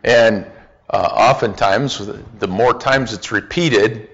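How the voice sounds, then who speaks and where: A man teaching a Bible study lesson, speaking deliberately with frequent pauses and fillers, asking the group questions. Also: lowish voice, fairly bright tone, dull audio. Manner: asks the group questions and repeats answers.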